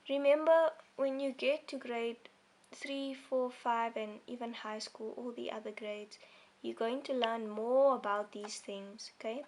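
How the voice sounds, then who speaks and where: A woman's voice: fairly high pitch, gravelly, a little mellow. A woman teaching a lesson to young children, explaining things simply and patiently and often checking in with "okay?". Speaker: primary school teacher.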